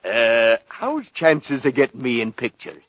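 A thick-headed, boastful beat cop in a 1940s radio comedy, blustering with bad grammar. His husky, bright voice swings widely in pitch. The old broadcast sounds dull. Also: sing-song, a little slow. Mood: blustery.

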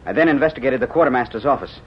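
A formal army provost marshal, played by a man who talks fast and crisply. It is acted in vintage radio style. The recording is muffled with faint hiss. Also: mid-range voice, natural voice. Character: brisk male army captain and provost marshal. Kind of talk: 1930s radio drama acting.

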